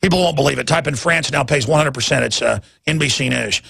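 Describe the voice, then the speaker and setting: A man hosting a talk radio show, ranting in a rambling way and jumping suddenly into loud, emphatic bursts. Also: mid-range voice, quick pace, gravelly, slightly rough, dry recording.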